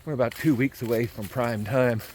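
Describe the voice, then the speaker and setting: A man hosting a deer hunting vlog outdoors in the woods, talking casually in a rambling way that repeats phrases with many pauses. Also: medium pitch, fairly even intonation, a little mellow, slight background noise. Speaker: deer hunting channel host.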